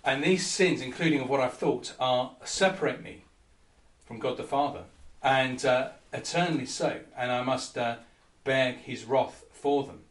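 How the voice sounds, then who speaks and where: A man's voice: medium pitch, a little slow. Guy preaching a sermon, lots of ums, roomy echo, kinda far from the mic. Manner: conversational, many ums and uhs. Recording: echoey room, mic at a distance.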